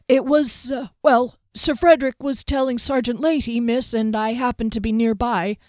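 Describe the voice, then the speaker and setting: A woman's voice: sits high, very animated, fairly quick, a little mellow, no room sound, studio quality, voice pushed up. A woman voicing a stammering young guard. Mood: nervous. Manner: stammering, hesitant. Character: flustered young male castle guard.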